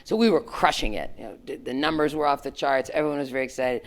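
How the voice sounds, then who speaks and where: A middle-aged woman, a former tech executive, telling a story to students in a frank, animated way, full of "like" and "right?". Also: very deep voice, quick pace. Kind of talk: candid storytelling talk to students.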